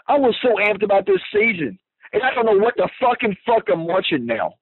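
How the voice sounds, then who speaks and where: Guy ranting on the phone, cursing nonstop, high husky voice, tinny dry line. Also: huge pitch swings, fairly quick, no echo. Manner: profane, furious ranting. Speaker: caller. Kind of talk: angry fan rant over the phone.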